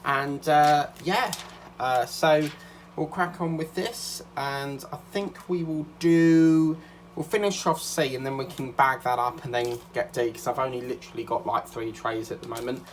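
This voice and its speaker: A man's voice: medium pitch, measured pace, a little hiss or hum. Rambling, slightly breathless man. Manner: rambling, many fillers and restarts. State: a little out of breath. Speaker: craft vlogger. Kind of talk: casual chat.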